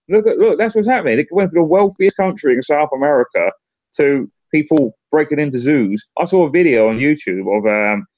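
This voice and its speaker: A man's voice: medium pitch, dry recording, muffled recording. A man, a political candidate, in a casual political chat, often restarting and repeating words as he gets going. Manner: halting, repeats words when starting sentences.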